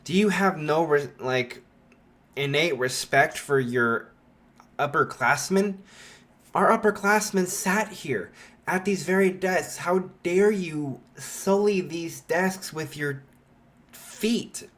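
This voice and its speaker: A man's voice: on the high side, slow pace, fairly bright tone, pitched above the performer's own voice. A man voicing a strict, formal young male class president who lectures stiffly. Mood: indignant.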